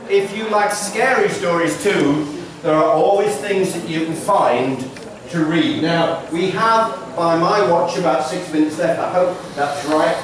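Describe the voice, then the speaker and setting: A man's voice: fairly high pitch, measured pace, crowd noise. A man telling stories to schoolchildren, chatty and full of playful asides. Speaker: visiting storyteller. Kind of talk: storytelling to schoolchildren. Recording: echoey hall from far off.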